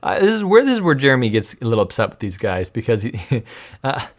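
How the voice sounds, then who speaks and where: A man's voice: medium pitch, sing-song, quick pace. Chatty man reacting to clips. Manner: rambling, restarts and chuckles. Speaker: podcast host. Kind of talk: casual commentary on video clips.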